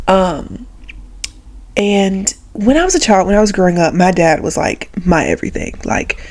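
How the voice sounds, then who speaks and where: A woman's voice: medium pitch, expressive, moderate pace, a little mellow. A woman in her twenties telling childhood stories in a chatty, filler-heavy personal vlog, tearful and emotional as she talks about her father. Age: 20s. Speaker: vlogger.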